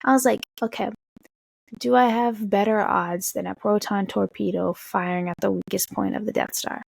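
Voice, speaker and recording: A young woman casually telling an excited, swear-filled story, jumping high in pitch when she quotes herself. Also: vocal fry, breathy edge. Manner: excited, swearing, talks fast with big pitch jumps when quoting. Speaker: vlogger.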